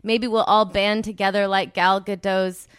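A woman's voice: medium pitch, level tone, moderate pace, clean tone, no room sound, studio quality. A woman co-hosting a podcast, telling a story in a chatty, rambling way. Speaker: podcast co-host. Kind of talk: casual chat.

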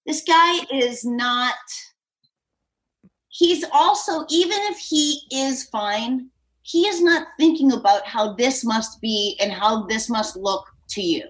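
A woman speaks bluntly and wryly as a comedian guest. She talks in a high voice, giving advice to a caller in a relaxed podcast chat. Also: slow pace. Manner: blunt, wry.

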